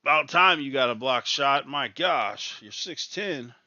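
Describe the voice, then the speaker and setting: A man's voice: medium pitch, animated, unhurried, bright, forceful tone, dry recording, dull audio. A man ranting in exasperation as he reacts live to a college basketball game, repeating his complaints. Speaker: sports talk host.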